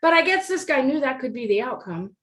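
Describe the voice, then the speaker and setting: A woman's voice: high voice, sing-song, brisk, fairly bright tone. A woman co-hosting a podcast in casual chat, reflective and questioning, with dry comebacks. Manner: reflective, asks probing questions, dry retorts. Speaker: podcast co-host.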